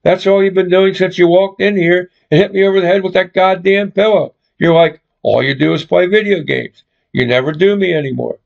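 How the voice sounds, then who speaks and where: A man voicing an evasive, defensive boyfriend who brushes off complaints, with a gravelly voice on a dull lo-fi recording. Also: sits high, a little fast. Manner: dismissive, defensive.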